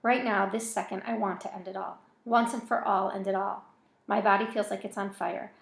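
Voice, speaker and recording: A woman's voice: medium pitch, steady tone, fairly quick, vocal fry, reverberant. A woman reading a novel aloud in an informal way, with casual self-correcting asides between chapters. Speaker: reader of a novel.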